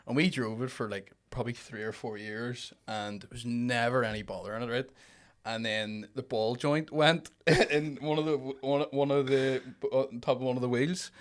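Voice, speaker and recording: A man telling a relaxed anecdote in casual chat. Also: medium pitch, normal speed. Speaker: podcast guest.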